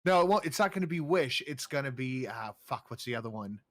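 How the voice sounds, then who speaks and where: A man's voice: medium pitch, animated, fairly quick, no room sound. A man on an online comedy show, joking around as a contestant, losing his train of thought and swearing. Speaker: co-host and game contestant. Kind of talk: casual comedic chat.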